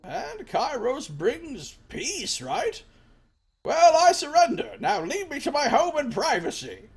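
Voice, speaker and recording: A man voicing a cranky, stubborn old male villager who is hard of sight, in a high, slow, indignant voice. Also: huge pitch swings, faint music behind, exaggerated voice. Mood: grumpy.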